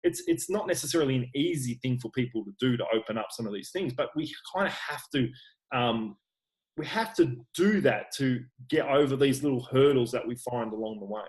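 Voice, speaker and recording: A man's voice: mid-range voice, lively intonation, brisk, darkish tone, poor audio. An Australian man, a personal trainer, talking frankly and earnestly in a casual interview, often restarting his sentences. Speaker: online personal trainer, guest.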